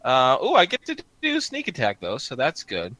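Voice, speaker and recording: A man's voice: medium pitch, wildly swooping pitch, moderate pace, heavy background noise. A man playing a tabletop role-playing game, talking in a joking way with plenty of profanity. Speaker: player. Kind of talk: casual tabletop play.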